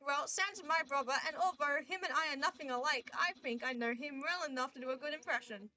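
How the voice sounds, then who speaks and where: A woman's voice: sits high, fast talker, bright, forceful tone, faint music behind. A woman voicing a boastful, cheerful male skeleton who speaks in grand, formal declarations while reading a visual novel aloud. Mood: earnest. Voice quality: formal, theatrical phrasing. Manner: proud, eager declarations.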